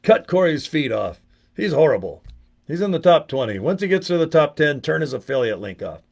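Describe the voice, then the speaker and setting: A man's voice: fairly high pitch, very animated, fairly quick, gravelly, a little mellow, full character voice. A man voicing an annoyed male business executive who swears bluntly in a sketch inside his own video. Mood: indignant. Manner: sweary, indignant.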